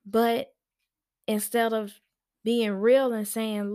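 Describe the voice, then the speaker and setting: Slow-talking frank woman giving advice. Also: mid-range voice. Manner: frank, chatty, slow and emphatic. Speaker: podcast host. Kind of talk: casual advice monologue.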